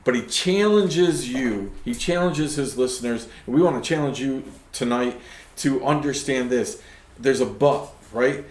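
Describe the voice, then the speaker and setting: A man hosting a faith podcast speaks at a middle pitch, preaching his points and checking in with the listener with quick tag questions. His voice sits in a roomy, echoey space. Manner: preachy, peppers talk with "right?". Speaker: podcast host.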